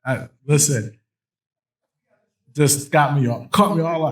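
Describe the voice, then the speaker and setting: A man's voice: on the high side, slow, pauses often, poor audio. Emphatic preaching-style male host. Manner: emphatic, repeats phrases for stress, playful asides. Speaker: host introducing a guest speaker. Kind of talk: preaching-style conference talk. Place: conference hall with an audience.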